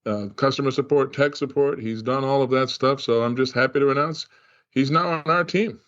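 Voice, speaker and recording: A man's voice: medium pitch, a little fast, a bit bright. Chatty Boston man on a dull remote line. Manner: chatty, storytelling. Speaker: podcast co-host, trainer. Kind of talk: casual podcast chat.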